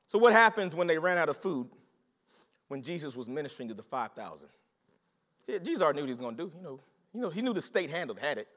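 A man preaching a sermon to his congregation in an animated, conversational way, repeating phrases and calling out to the listeners. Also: a little high, quick pace. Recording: long reverb of a large hall.

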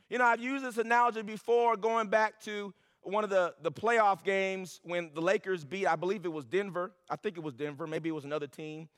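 A man's voice: high-pitched, steady tone, fairly quick, hardly any pauses, a bit bright, clear, resonant tone, in a large hall. A man preaching a sermon as pastor, building to emphatic, repeated lines.

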